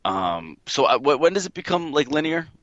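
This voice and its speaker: A man's voice: a little high, sing-song, moderate pace, a bit bright, no echo. A man co-hosting a casual gaming podcast, hesitant, often trailing off and restarting his sentences. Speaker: podcast co-host. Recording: dull lo-fi dry sound.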